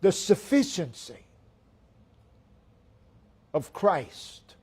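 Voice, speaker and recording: A man preaching a sermon in a slow, emphatic way, repeating phrases and letting his voice fall away at the ends. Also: high voice, sing-song, darkish tone, husky. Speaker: pastor.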